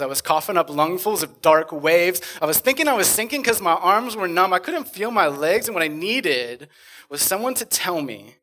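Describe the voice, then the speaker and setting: A man on a conference stage performing spoken-word poetry, rhythmic and dramatic, swinging from loud bursts to hushed lines. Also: fairly high pitch. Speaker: conference speaker.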